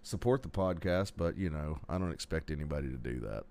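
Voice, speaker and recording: A man's voice: a bass voice, expressive, brisk, darkish tone. A young man co-hosting a casual podcast, swearing freely and reading an article aloud in a mock-serious tone. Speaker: podcast co-host.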